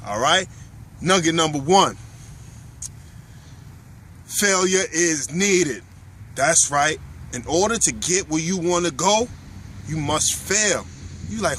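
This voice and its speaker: Motivational host, man, fairly high voice, preachy and repetitive, faint street noise behind. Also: expressive, slow, pauses often, sharp tone. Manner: preachy, emphatic, repeats key lines. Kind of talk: motivational talk to camera. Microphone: camera mic, filmed by his wife.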